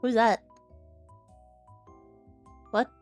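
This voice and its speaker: A woman's voice: drawn-out words, soft background music. Laughing, foul-mouthed woman streamer. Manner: laughing, swearing, self-mocking. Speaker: VTuber streamer. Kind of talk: casual livestream chat.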